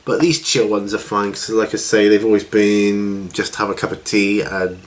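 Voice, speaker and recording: Middle-aged man, lowish voice, casual rambling vlog host. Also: moderate pace. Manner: rambling, relaxed, with many fillers and restarts. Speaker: hobby channel host. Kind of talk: casual chat.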